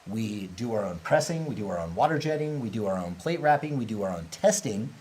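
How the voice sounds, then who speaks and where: A man's voice: on the low side, lively intonation, fairly quick, a little mellow, a little hiss or hum, rough recording. A man hosting a casual livestream, talking openly and rambling, laughing easily as he answers questions. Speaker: host, company representative.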